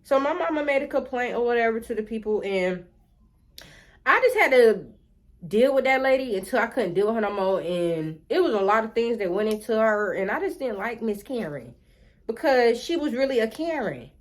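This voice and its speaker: A woman telling a story to her viewers, animated and talking straight to them. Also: a little high, brisk. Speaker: vlogger. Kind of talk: storytime vlog.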